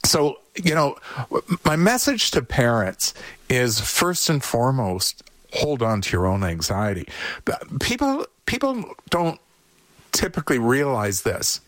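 A man with a medium-pitched voice, recorded with no room sound, appears as a parenting expert guest. He gives advice in an easygoing, conversational way and is animated, now and then acting out worried parents and kids in quick voices.

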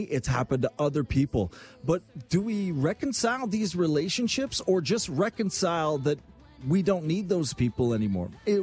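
A man hosting a morning radio show, chatting casually and teasing callers in a joking, animated way. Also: fairly high pitch.

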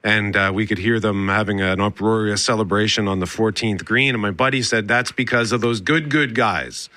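Bright-voiced chatty radio host. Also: male voice, on the low side, moderate pace, no room sound. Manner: chatty, laughs often. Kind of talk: casual morning radio chat.

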